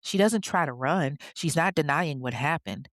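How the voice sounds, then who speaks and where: A podcast host telling a true-crime story in a chatty, conversational way, full of asides to the listener. The voice sits in a middle pitch. It is recorded close and dry, with no room echo. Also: expressive, moderate pace, fairly bright tone.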